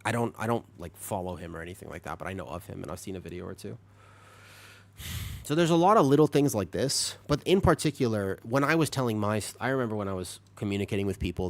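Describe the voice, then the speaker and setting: A man streaming a game, chatting with his viewers and explaining things patiently while a little sick. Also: on the low side. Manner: explains patiently, lively and talkative, laughs often. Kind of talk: casual chat with stream chat while gaming.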